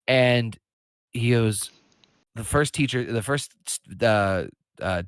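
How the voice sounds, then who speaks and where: A man in casual podcast chat, telling a story with plenty of swearing and jumping into raised voices for the people he quotes. His voice sits at an ordinary middle pitch. The mic is close and dry, with no room sound at all. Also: takes it slowly, clear, resonant tone, no room sound. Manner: profane, animated storyteller acting out quotes in a raised voice. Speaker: podcast co-host. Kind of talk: casual chat, retelling a comedy bit.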